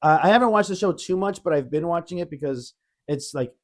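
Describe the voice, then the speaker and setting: A man co-hosting a casual podcast, telling a lively story with many fillers and frequent laughs. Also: fairly high pitch, a little fast. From Arizona. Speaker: podcast co-host. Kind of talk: casual chat.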